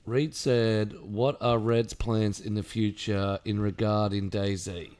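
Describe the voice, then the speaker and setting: A man hosting a gaming podcast, reading questions from the chat in a relaxed way. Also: lowish voice, slow. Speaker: podcast host.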